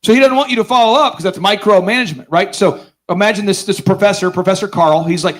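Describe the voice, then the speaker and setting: Energetic sarcastic man telling stories on stage. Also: high voice, fast talker, few pauses. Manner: energetic, sarcastic, acts out voices in his stories; keeps quizzing the audience. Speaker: business conference host. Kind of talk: live seminar storytelling to an audience.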